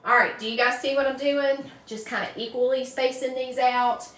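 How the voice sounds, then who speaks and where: A friendly Southern woman talking her way through a craft project on a live stream, calling out viewers by name with folksy warmth. Her voice sits a little high, and it bounces around a roomy space while she stands back from the mic. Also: fairly even intonation, moderate pace. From North Carolina, USA. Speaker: wreath designer hosting a live stream. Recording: roomy echo, distant mic.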